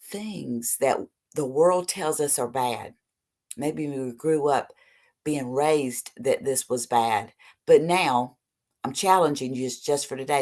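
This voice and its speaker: A woman with a low voice gives an earnest motivational talk about recovery. She reads short passages aloud, then preaches on them, sometimes pushing hard and sometimes dropping to near-whispers. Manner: earnest, preachy, animated with sudden soft drops. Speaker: recovery speaker.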